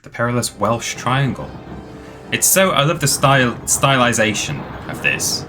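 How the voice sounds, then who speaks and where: A man's voice: mid-range voice, sing-song, measured pace, bright, forceful tone. A man hosting a live stream, giving chatty, rambling, enthusiastic commentary on the game he plays. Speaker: streamer host. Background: faint game music.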